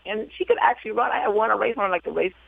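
A man's voice: high voice, racing, gravelly, no echo. A man tells racing stories over a tinny, phone-like line, with a dry, close sound. He laughs often and jumps into playful voices for the people he quotes. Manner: laughing, animated storyteller acting out quotes. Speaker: jockey guest. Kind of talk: storytelling interview.

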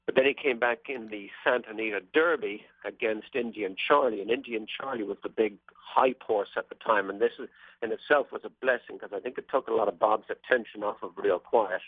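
A man's voice: fairly low pitch, a little fast, slightly rough, dry recording. Man telling stories over a tinny phone line. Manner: chatty, anecdotal, wry. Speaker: racehorse trainer, guest. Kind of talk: storytelling interview answers. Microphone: telephone.

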